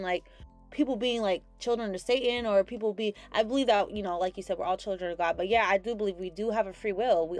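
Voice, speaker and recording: A young woman hosting a casual spiritual chat, rambling with many fillers and telling stories in an animated way. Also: mid-range voice, no room sound. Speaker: host.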